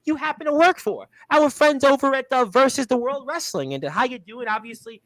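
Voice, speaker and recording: A man's voice: extremely high pitch, animated, a little fast, fairly bright tone, no room sound. A man from Brooklyn, hosting a casual radio interview and reading out listener comments in a rambling, filler-heavy way. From Brooklyn, New York. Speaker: radio show host.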